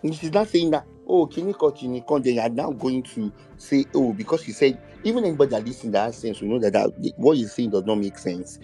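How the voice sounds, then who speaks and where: A man's voice: medium pitch, expressive, fairly quick, few pauses, dark tone, faint music behind. A man cutting in with emphatic, incredulous remarks about a reality show. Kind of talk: casual opinionated chat.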